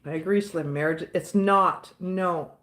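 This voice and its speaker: Slow-talking Southern woman, chatty and outspoken. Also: lowish voice, fairly bright tone. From Southern United States. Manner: outspoken, rambling, repeats herself. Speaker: livestream host answering chat. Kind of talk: casual live chat.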